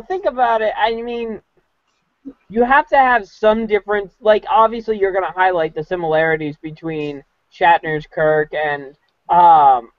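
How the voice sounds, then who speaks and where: A man's voice: high voice, no room sound. A man on a casual online podcast call, earnestly arguing his point with fillers. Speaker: podcast guest. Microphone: online call mic. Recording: dry, dull lo-fi call audio.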